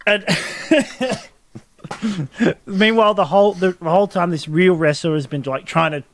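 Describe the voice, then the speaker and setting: A man's voice: high-pitched, a little slow, slight background noise. A man co-hosting a podcast, chatting casually and retelling a story with frequent laughs. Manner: animated storytelling, laughing often. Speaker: podcast co-host. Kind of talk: casual chat.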